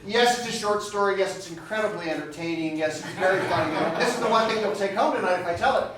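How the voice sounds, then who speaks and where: A man with a high voice performs a chatty, self-mocking comic monologue on a small theater stage. He wanders off on dry asides as he tells the story. He is picked up from far across a very echoey room, with clear noise underneath. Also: fast talker, a loud crowd. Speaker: solo performer. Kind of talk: live stand-up storytelling monologue.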